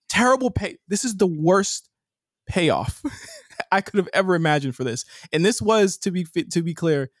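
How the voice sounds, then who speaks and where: A man's voice: on the high side, no room sound, studio quality. A man co-hosting a TV recap podcast, bluntly critiquing an episode and swearing freely. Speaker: podcast co-host. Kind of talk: casual TV recap chat.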